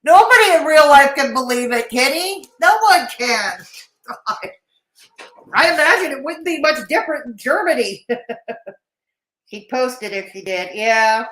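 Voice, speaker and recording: A woman hosts a live reaction stream with a slightly high voice. She talks sarcastically, laughs often and answers viewers in chat. The room around her mic is noticeably echoey. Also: expressive, a little slow, a bit bright. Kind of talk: casual live-stream commentary.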